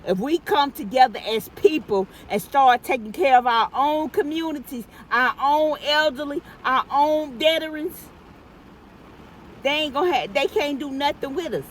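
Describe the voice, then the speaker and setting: A woman's voice: high voice, normal speed, slight background noise, low-quality recording. Woman ranting emphatically in a car. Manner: emphatic, repetitive, preachy. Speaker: vlogger. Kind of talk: casual car rant to camera. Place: inside a parked car in heavy rain.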